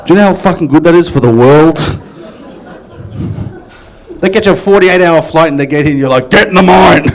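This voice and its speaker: A man's voice: on the high side, fairly quick, pauses often, a little mellow. Swearing Australian man doing stand-up. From Melbourne, Australia. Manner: crude, crowd-work banter, swears freely. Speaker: stand-up comic. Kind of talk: stand-up comedy set.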